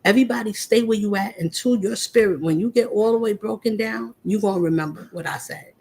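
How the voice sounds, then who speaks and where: A woman's voice: medium pitch, brisk, a little mellow, slightly rough, low-quality recording. A woman, delivering an impassioned, confrontational spiritual monologue to an unseen listener. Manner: confrontational, preachy, addressing an unnamed listener directly. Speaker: spiritual vlogger.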